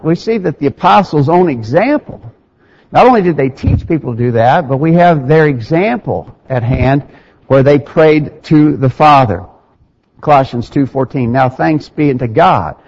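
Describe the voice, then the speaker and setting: A man's voice: mid-range voice, animated, moderate pace, darkish tone, lo-fi sound. A man preaching a sermon in an earnest, emphatic way, reading scripture aloud and explaining it. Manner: earnest, emphatic, quotes scripture in King James wording.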